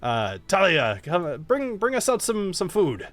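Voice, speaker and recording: Brief: man playing a genial male airship captain, welcoming and a bit flustered, lively up-and-down delivery. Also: medium pitch, normal speed, soft background music. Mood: calling out. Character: friendly male sky captain keeping up appearances.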